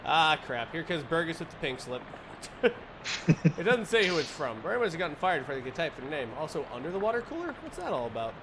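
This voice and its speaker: A man's voice: on the high side, sing-song, fairly quick, background noise. A man streaming a video game, reading its text aloud with jokey asides. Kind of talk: casual game commentary.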